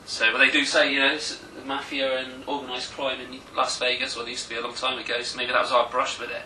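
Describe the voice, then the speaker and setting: Fast-talking teasing Englishman. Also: mid-range voice, monotone, sharp tone, a little hiss or hum. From England. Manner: teasing, interrupting, laughing. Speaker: co-host. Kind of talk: casual chat. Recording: roomy echo, mic at a distance.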